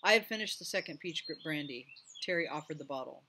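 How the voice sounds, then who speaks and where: Male audiobook reader, higher voice, bright and forceful, lively delivery. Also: fast, slight background noise. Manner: lively, voices each character. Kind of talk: reading a novel aloud.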